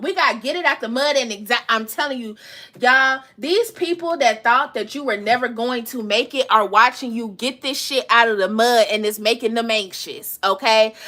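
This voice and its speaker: A woman's voice: fairly high pitch, pushed and bright. A woman giving a live tarot reading to her viewers, casual and slangy, swearing often and breaking into laughter. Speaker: tarot reader.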